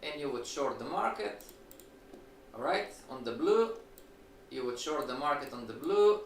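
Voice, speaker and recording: A man teaching a live-streamed trading lecture, animated, asking rhetorical questions and acting out his students' replies. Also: medium pitch, measured pace. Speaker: trading instructor. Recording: echoey room, distant mic, faint noise.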